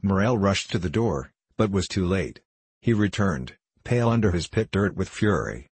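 Deep, husky male narrator. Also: animated, normal speed, darkish tone, no echo. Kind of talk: audiobook narration of a novel.

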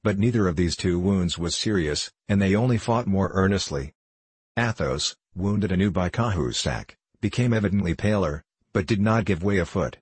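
A man narrating a classic novel in a steady, formal audiobook reading. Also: deep voice, normal speed, husky, no room sound.

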